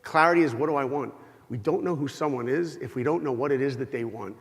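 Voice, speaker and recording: A middle-aged man with a medium-pitched voice speaks fast while giving an inspirational talk in a large hall with an audience. He's animated and funny, telling stories and acting out dialogue, and the recording carries long hall reverb.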